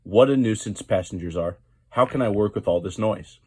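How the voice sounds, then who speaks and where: A stern, portly railway boss, as a man reads him aloud, speaking in a low, husky voice. His manner is firm and formal, straight out of a storybook. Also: moderate pace, a little mellow.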